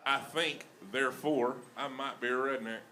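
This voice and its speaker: A man's voice: medium pitch, fairly even intonation, moderate pace, bright, forceful tone, close to an everyday voice. A man doing a folksy redneck Socrates. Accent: Alabama.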